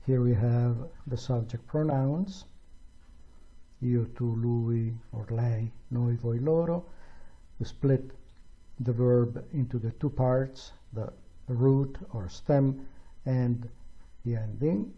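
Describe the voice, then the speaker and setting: A man teaching a grammar lesson slowly and deliberately, pronouncing each example with care. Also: medium pitch, breathy edge, muffled recording. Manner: slow, deliberate, careful pronunciation of examples. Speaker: language teacher. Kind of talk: slow explanatory grammar lesson.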